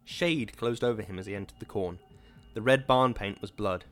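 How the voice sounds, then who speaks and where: A man narrating an audiobook in a measured, dramatic reading. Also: on the low side, faint music behind. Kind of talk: scripted narration.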